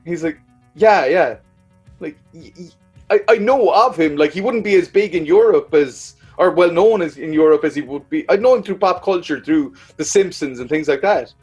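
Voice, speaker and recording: A man's voice: on the high side, animated, moderate pace, a little mellow, breathy edge, soft background music. A man with an Irish accent hosting an interview in casual, chatty talk, laughing often and stumbling over his words. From Ireland. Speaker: podcast host.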